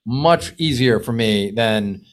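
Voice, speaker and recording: A man talking as a podcast guest, telling stories in an animated way, with lots of restarts and casual swearing. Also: medium pitch, slow pace. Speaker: guest screenwriter and producer.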